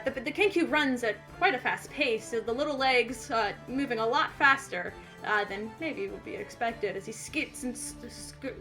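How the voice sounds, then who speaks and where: Bright-voiced woman game master. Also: on the high side. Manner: hesitant, lots of fillers. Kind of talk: narrating a tabletop game.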